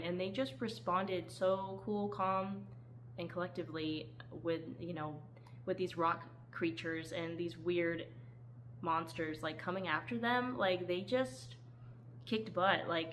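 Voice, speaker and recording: Woman, casual book review, chatty and laughing, lowish voice, faint hum behind. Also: takes it slowly, rough recording. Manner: chatty, laughs often, animated quoting.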